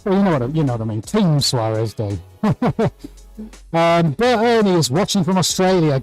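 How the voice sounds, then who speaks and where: A man's voice: fairly high pitch, very animated, moderate pace, darkish tone, dry recording, soft background music, low-quality recording. A man hosting a live painting tutorial from his art studio, chatting cheerfully and greeting viewers by name. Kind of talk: live-stream chat and demonstration.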